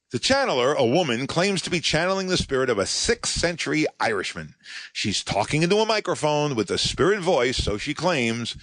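A man's voice: medium pitch, fairly bright tone, no room sound. A male podcast host delivering a scripted monologue as a sardonic, mocking storyteller.

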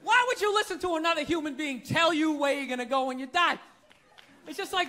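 A man's voice: very high-pitched, fairly quick, pushed and bright, some chatter behind. A man doing stand-up comedy, ranting in a profane, incredulous way before a live audience. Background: audience laughter.

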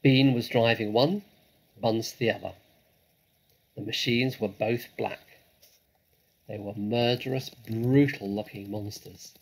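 A man reading a children's story aloud in a dramatic, measured way. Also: mid-range voice, fairly even intonation, rough recording.

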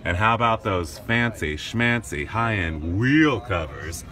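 A man's voice: on the low side, lively intonation, unhurried, bright, forceful tone. A man gushing over a classic car in a showcase video, full of over-the-top exclamations.

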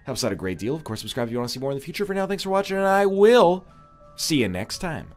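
With soft music in the background, a gaming YouTuber talks fast in a fairly high voice that swings widely in pitch. His nasal, congested commentary on the game he's playing is rambling, jokey, and full of tangents.

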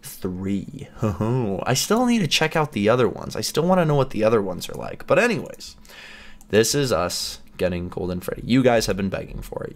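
A man giving excitable let's play commentary as a gaming YouTuber, chatty and laughing often as he plays. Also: fairly low pitch, normal speed.

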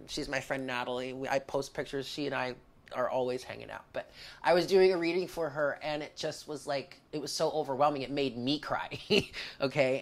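A woman with a low voice reads tarot cards for her viewers. She sounds close to tears and speaks emotionally, calling the listener honey and swearing freely. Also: fairly bright tone. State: tearful. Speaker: tarot reader.

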